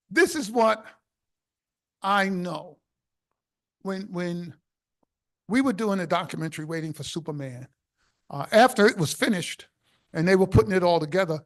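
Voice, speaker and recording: An older man from the South Bronx giving an inspirational speech, telling stories in an animated way with bursts of shouted emphasis. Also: high-pitched. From South Bronx, New York. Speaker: keynote speaker.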